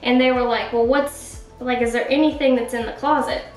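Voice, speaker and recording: A woman's voice: a little high, fairly even intonation, a little fast. A young woman vlogging casually from her home art studio, rambling and chatty with lots of fillers. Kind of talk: casual storytelling vlog. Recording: roomy, from a distance, music under. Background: soft background music.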